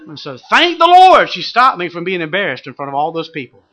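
A man's voice: a little high, quick pace. A middle-aged male pastor preaching a sermon, telling a funny personal story and rising to fervent exhortation. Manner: animated, humorous storytelling that builds to shouted exhortation.

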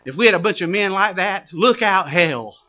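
A man preaches from the pulpit in a very high, piercingly bright voice. He presses his point hard and circles back to key phrases for emphasis. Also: lively intonation, moderate pace. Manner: impassioned, exhorting, repeating phrases for emphasis. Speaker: pastor. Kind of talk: sermon.

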